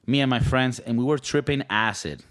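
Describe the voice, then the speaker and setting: A man's voice: mid-range voice, brisk. A young man with a Venezuelan Spanish accent, co-hosting a podcast in casual, joking, rambling chat. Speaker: podcast co-host.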